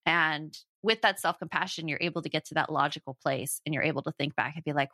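A woman co-hosting a parenting podcast in casual chat, talking in a chatty, animated way and acting out inner voices. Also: deep voice, quick pace, hardly any pauses, no echo, studio quality. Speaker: podcast co-host.

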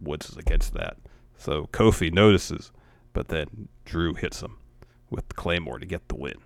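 A man's voice: extremely low pitch, huge pitch swings, moderate pace, vocal fry, no echo. A man co-hosting a podcast, recapping wrestling matches in a laid-back way with short agreeing interjections. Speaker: podcast co-host.

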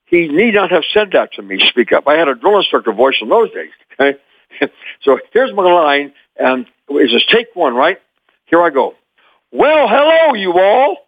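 An older man from Memphis, Tennessee, telling animated stories as an interview guest and chuckling often. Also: a little high, moderate pace, no room sound, phone-quality sound. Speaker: guest, former child actor. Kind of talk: anecdotal storytelling.

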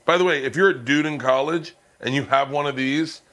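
A man's voice: a little high, fairly quick, a bit bright. A man hosting a casual kitchen chat, talking loosely with lots of swearing and restarts. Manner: loose, profane, rambling with many restarts. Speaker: host.

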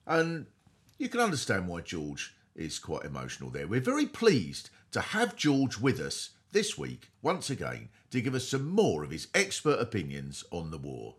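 A man's voice: low voice, huge pitch swings, moderate pace. A man hosting a podcast, delivering a satirical comedy monologue in a sardonic, mock-earnest way. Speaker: host.

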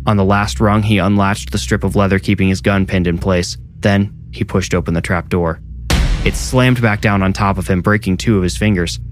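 Low-voiced male horror narrator. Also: steady tone, moderate pace, soft background music.

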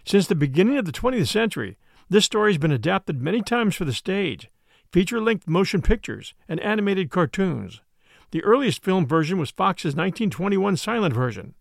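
A man reading a story aloud as an audiobook narrator, with expressive, shifting emphasis. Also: sits high, a little fast, vocal fry, no room sound, clean studio sound.

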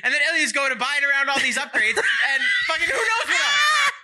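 A young man co-hosting a podcast, telling animated stories in casual chat and laughing often. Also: very high voice, fairly quick, shouting, noisy background. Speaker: podcast co-host.

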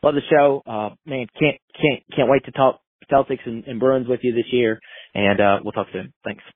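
A man's voice: mid-range voice, steady tone, moderate pace, breathy edge, dry recording. A man in his twenties calling in to a sports show, rambling and exasperated. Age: 20s. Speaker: caller. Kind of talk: phoned-in voicemail. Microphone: phone. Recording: tinny dry phone line.

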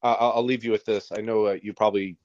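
Low-voiced male host on dull audio. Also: flat delivery, fast, a little mellow, dry recording. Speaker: interview host. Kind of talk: casual chat.

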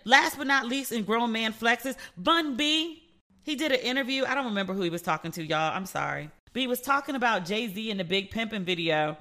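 A woman's voice: on the high side, lively intonation, a little fast, bright, forceful tone. A woman hosting a casual solo podcast, telling stories in a playful, chatty way and acting out the voices of the people she quotes. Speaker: podcast host.

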